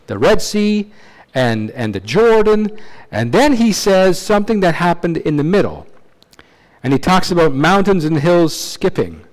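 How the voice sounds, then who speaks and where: A man's voice: fairly high pitch, rough recording. A man preaching an expository sermon in a conversational teaching manner, often checking in with his listeners and restarting phrases. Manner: conversational teaching with frequent tag questions and restarts.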